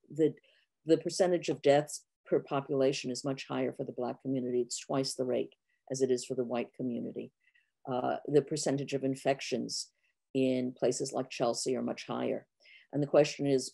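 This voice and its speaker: Woman, 60s, from New York; low voice, frank explanatory answers over a video call. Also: gravelly, mellow. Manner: frank, explanatory, many fillers. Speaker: guest professor. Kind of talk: online Q&A answers.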